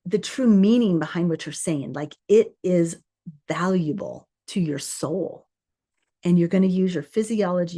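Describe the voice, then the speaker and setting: A woman coaching a live group through a self-improvement lesson. Her voice sits a little low and sounds mellow and warm. She talks earnestly and conversationally, often restarting her sentences. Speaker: course host.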